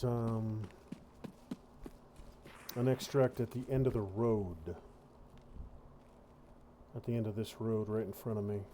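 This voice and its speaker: A man's voice: medium pitch, dark tone, slight background noise. A man hosting a gaming video, giving casual commentary and wryly muttering to himself as he plays.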